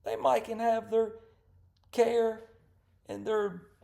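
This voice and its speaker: A man leads an informal training talk for ambulance crews. His voice sits fairly high, and his delivery is folksy and chatty, built on rhetorical questions and plain advice. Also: fairly even intonation, takes it slowly, vocal fry, dark tone. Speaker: EMS instructor.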